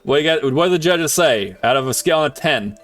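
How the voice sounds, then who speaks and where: A man streaming a game live, chatting casually with viewers and swinging from excited shouts to quiet muttering. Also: on the high side, quick pace, soft background music. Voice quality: animated, laughs often, jumps between excited shouts and quiet muttering.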